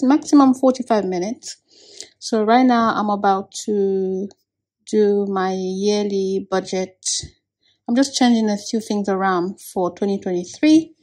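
A woman talking casually to camera in a vlog, relaxed and chatty. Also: medium pitch. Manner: relaxed, chatty, with frequent fillers. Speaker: vlogger.

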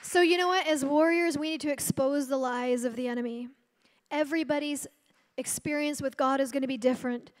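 A woman's voice: high voice, fairly even intonation, a little fast, big-room sound. A woman preaching a sermon, telling a personal story and then rising into a rousing call to the congregation. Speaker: guest preacher.

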